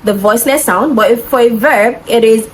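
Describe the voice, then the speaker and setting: A fairly high-voiced woman walks students through exam answers step by step. She is patient and methodical, often stopping to check that they follow. A faint hiss of noise sits under her voice. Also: normal speed, poor audio. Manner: patient, methodical teaching with frequent "okay?" checks. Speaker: English exam tutor.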